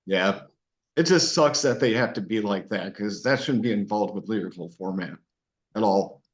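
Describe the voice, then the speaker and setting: A man's voice: fairly low pitch, normal speed. A man chatting casually as interviewer, swearing often and laughing easily. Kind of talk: casual chat. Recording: dull lo-fi recording.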